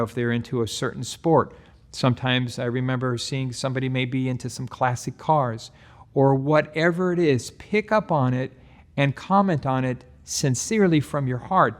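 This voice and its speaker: A middle-aged man with a voice of ordinary pitch gives a casual sales training talk. He speaks in a relaxed, conversational way, slipping into short acted-out exchanges with customers at the door. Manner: relaxed, acts out doorstep dialogue.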